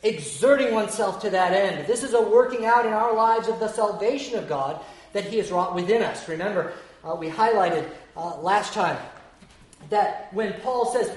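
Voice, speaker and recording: A preacher delivering an expository sermon in a measured, explanatory way, often pausing with "uh". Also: medium pitch. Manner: measured, explanatory, with frequent "uh" pauses. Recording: echoey room.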